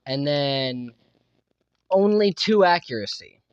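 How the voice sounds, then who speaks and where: A young man streaming a game, chatting casually, excitable and full of swearing and laughter. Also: on the high side, takes it slowly, clean tone, no room sound. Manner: excitable, profane, laughs a lot. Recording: dull lo-fi mic, dry.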